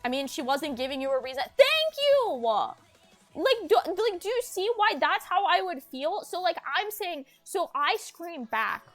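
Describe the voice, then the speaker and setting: Young adult woman streamer, bright high register, heated storytime delivery, profane, animated re-enactments. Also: moderate pace, hardly any pauses, soft background music. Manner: agitated, swears, acts out quotes in raised voice. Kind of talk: emotional storytime chat.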